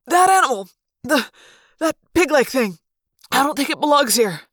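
Storybook figure: a worn-out, raspy, frantic man , read by a woman, pitched well above normal with an odd, strained tone in a dry room. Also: normal speed, no echo. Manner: raspy, excitable, yelling orders. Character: frantic worn-out adult man, shrill when excited. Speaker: reader.

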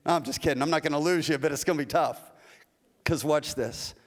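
A male pastor with a fairly high voice preaches a sermon in a folksy, animated way, slipping into small acted-out asides. His voice rings with the long reverb of a large church hall. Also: brisk. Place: church sanctuary.

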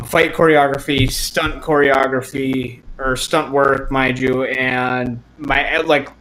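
A man's voice: mid-range voice, a bit bright, slight background noise, poor audio. A man chatting casually about his start as a fair actor, rambling and laughing, acting out quoted lines. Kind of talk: casual podcast chat.

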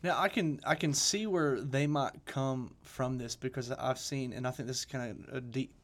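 A man's voice: mid-range voice, moderate pace. A man co-hosting a casual discussion podcast, talking earnestly with many restarts and fillers. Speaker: podcast co-host.

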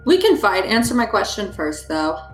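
A woman's voice: mid-range voice, big pitch swings, moderate pace, roomy sound, faint music behind, natural voice, poor audio. A woman voicing a brash male adventurer in a valley-girl voice, flippant and mocking.

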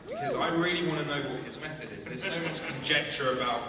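A man's voice: a little high, wildly swooping pitch, fast talker. A man gives a fan question a dry, joking answer. He stands far from the microphone in a huge, echoing hall, and the noise of a crowd rises around his voice. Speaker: actor on a convention panel. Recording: echoey convention hall from far off, loud crowd.

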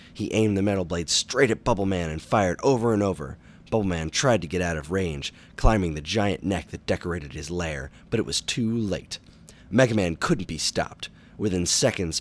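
Low-voiced male narrator, children's storybook reading, steady and expressive.

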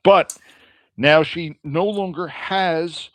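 A man's voice: a little high, slow. A man co-hosting a podcast, chatting casually and adding short replies to the recap. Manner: brief agreeing replies, laughs often. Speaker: podcast co-host. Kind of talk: casual chat.

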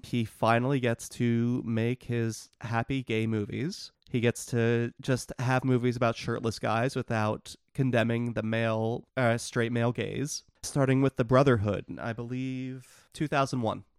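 A man's voice: medium pitch, fairly even intonation, a little slow, few pauses, clean tone, no echo, clean studio sound. A man co-hosting a podcast, casually and wryly explaining the plots of obscure films. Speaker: podcast co-host. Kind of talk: casual movie discussion.

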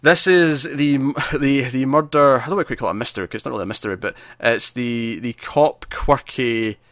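A man's voice: medium pitch, a little fast, a bit bright, dry recording. A man co-hosting a podcast in casual chat about films, rambling with many restarts and fillers and acting out quotes. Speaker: podcast co-host. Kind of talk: casual film-list chat.

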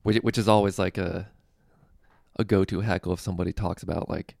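A man's voice: deep voice, fairly even intonation, brisk, gravelly, a little mellow, dry recording, clean studio sound. A young man casually telling a story with lots of fillers, swearing and laughter, hosting a comedy podcast. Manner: laid-back, profane, lots of fillers and laughs.

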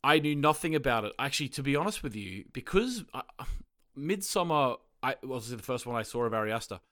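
A man's voice: mid-range voice, a little fast. Chatty man co-hosting a movie podcast. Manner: chatty, restarts often, animated. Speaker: podcast co-host. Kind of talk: casual movie chat.

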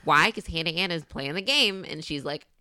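A woman's voice: sits low, normal speed, clear, resonant tone. A woman co-hosting a podcast, chatting casually, laughing often and acting out quotes. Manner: animated, laughing, acts out quotes. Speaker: podcast co-host. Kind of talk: casual chat.

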